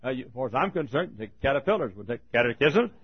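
Male pastor, fiery sermon, folksy, thundering shouts, lively swooping pitch. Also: racing, slightly rough. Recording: lo-fi recording.

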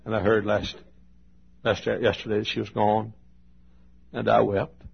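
A man preaching a sermon, telling folksy stories and swinging between loud and hushed delivery. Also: fairly low pitch, flat delivery, unhurried, vocal fry, slightly rough, lo-fi sound. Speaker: pastor. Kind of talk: sermon storytelling.

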